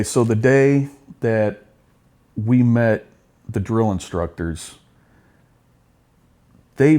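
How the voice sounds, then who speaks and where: A man's voice: on the low side, dark tone. Profane, blunt male storyteller. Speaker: interview guest, Marine veteran. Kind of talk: casual storytelling interview.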